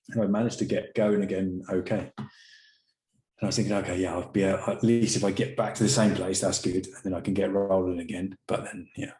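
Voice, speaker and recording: List: man, low pitch, laid-back, teasing, casual co-host chat. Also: darkish tone. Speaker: podcast co-host.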